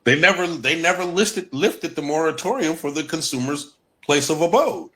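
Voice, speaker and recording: A man with a bright, ringing voice that sits a bit high delivers an emphatic livestream lecture with a Black lilt. He repeats his key points and keeps pressing the listeners. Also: expressive, moderate pace. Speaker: guest presenter. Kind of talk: livestream talk.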